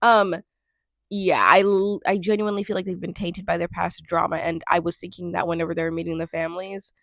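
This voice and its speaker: A woman's voice: lowish voice, flat delivery, a little fast, creaky, no echo, studio quality. A young woman from Minnesota casually recapping a reality show, chatty and sarcastic, laughing often and trailing off mid-thought. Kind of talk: casual chat.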